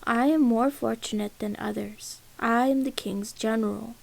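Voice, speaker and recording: A woman voicing a grave male archer general who speaks steadily and forcefully. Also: on the high side, fairly even intonation, normal speed, creaky. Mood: defiant.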